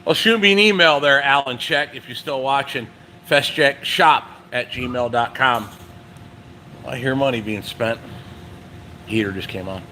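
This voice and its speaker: A man's voice: mid-range voice, unhurried, pushed and bright. A man hosting a live stream from his truck repair shop, chatting casually and reading viewer comments aloud. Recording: echoey shop with machine hum.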